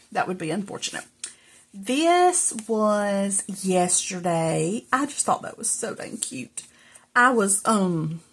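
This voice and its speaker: A gravelly, husky mid-range voice belongs to a middle-aged woman who vlogs about crafting. Working at home in her indoor craft room, she rambles breathlessly to viewers, slipping into self-talk as she goes.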